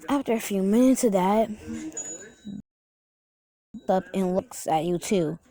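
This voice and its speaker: A young woman telling a reader-insert story in a casual, unpolished way, breaking off for chatty asides. Her voice is mellow and soft-edged, at a middle pitch. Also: lively intonation, slow.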